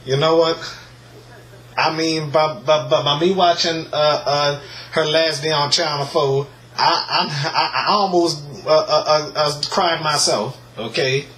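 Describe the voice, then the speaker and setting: A man's voice: a little high, fairly even intonation, a little slow, fairly bright tone. A man, vlogging at home, stammering and repeating words as he tries not to cry. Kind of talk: casual emotional vlog commentary. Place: room at home, filming a TV screen. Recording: echoey room with faint noise.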